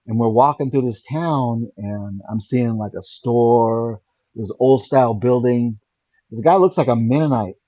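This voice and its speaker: A man's voice: mid-range voice, a little slow, no room sound. Rambling man on a dull, dry recording. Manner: rambling, animated, acts out quoted voices. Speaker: guest. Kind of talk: casual storytelling.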